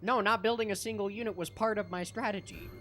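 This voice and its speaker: A man's voice: high-pitched, fairly even intonation, quick pace, fairly bright tone, a little hiss or hum. A man teasing his friends in casual gaming banter over voice chat. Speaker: gamer on stream.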